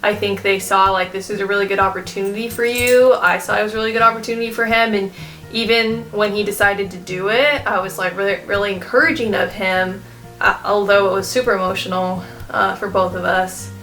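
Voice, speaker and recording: A woman's voice: mid-range voice, fairly even intonation, fairly quick, pushed and bright, soft background music. A young woman in her twenties talking casually to her viewers, rambling with lots of fillers and restarts, and close to tears at times. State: tearful, emotional. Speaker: vlogger. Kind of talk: casual chat to camera.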